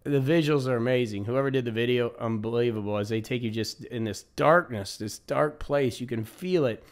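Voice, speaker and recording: A man's voice: medium pitch, fairly quick. A man hosting a reaction video, commenting in a casual, enthusiastic way and repeating words for emphasis.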